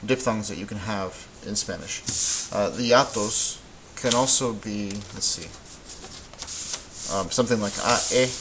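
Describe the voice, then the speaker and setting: A man teaching Spanish in a relaxed, patient way, thinking aloud as he works through examples. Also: lowish voice, unhurried, noisy background. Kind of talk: informal classroom explanation.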